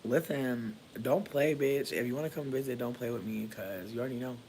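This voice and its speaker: A man's voice: a little fast, a little mellow, slight background noise. Playful, profane man chatting with viewers. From Michigan. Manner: playful, profane, sudden jumps into high squeals. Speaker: livestreamer. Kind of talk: casual chat with viewers. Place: at home doing hair.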